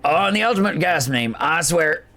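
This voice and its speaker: A man doing a rowdy working-class gas company lackey in a game, gravelly and swooping all over his range. He fawns over his boss and boasts loudly. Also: on the high side, moderate pace. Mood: boastful. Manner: rowdy, fawning, excitable. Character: boisterous male gas company worker, devoted lackey.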